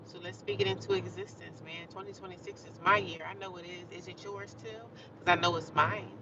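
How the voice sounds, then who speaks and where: A woman's voice: on the low side, level tone, fairly quick. Woman livestreamer, upbeat motivational chat, held far off with a dull mic and road noise all around. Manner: encouraging, preachy, playful, talks to her viewers. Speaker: livestreamer sharing her life. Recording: distant, dull mic with loud traffic noise.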